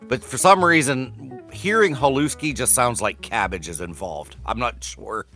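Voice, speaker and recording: A man's voice: mid-range voice, a little slow, soft background music. A man, co-hosting a casual podcast chat and telling stories that act out the quotes. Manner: animated storyteller, acts out quotes loudly. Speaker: podcast co-host.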